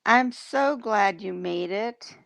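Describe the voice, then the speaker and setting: A woman's voice: mid-range voice, slow pace, creaky, fairly bright tone, dry recording, studio quality. A woman hosting a casual livestream, greeting viewers and chatting in a teasing, rambling way. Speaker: livestream host.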